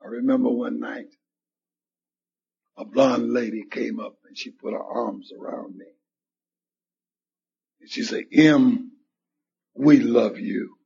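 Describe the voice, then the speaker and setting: This man speaks slowly at a recovery meeting in a hall, relating his personal story and performing the lines other people said to him. The dull lo-fi tape carries a medium-pitched, gravelly, husky voice with a darkish tone, fairly even intonation and frequent pauses.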